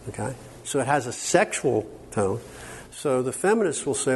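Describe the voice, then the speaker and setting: A man's voice: mid-range voice, expressive, normal speed, a little hiss or hum. A man giving a workshop lecture in a conversational, emphatic way, often checking in with the audience. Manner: conversational, frequent "okay?" check-ins, emphatic. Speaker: workshop speaker. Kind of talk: conference lecture.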